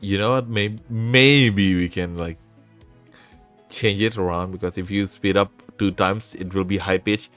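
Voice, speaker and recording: Man, sore throat, casual live-stream chat, rambling, restarts sentences, lowish voice. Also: steady tone, measured pace, a bit bright, smooth, faint music behind. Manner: rambling, self-interrupting, laughs often. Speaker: VTuber streamer and host.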